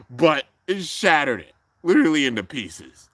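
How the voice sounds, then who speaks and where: A young man hosting a live reaction, commenting excitedly and often breaking into loud exclamations. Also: on the high side, normal speed, no room sound. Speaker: channel host reacting to an anime episode. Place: home room with a fan, traffic outside.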